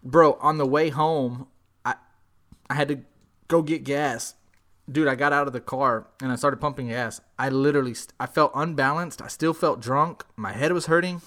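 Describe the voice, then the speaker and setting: A young adult man from Texas, hosting a casual podcast chat and telling a story in an animated way, full of slang. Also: medium pitch, moderate pace. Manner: animated storyteller, heavy slang, acts out quotes.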